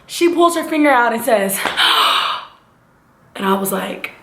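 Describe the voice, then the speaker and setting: A young woman vlogger telling a casual, animated storytime, acting out the voices of the people in it. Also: fairly high pitch, brisk, reverberant, slight background noise. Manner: animated, acts out voices and sound effects.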